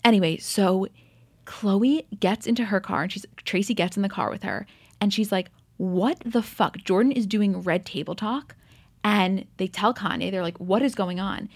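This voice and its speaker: A woman's voice: mid-range voice, normal speed, no room sound. A woman co-hosting a podcast, chatting casually as she recaps a reality show and acts out quotes with swearing. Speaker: podcast co-host.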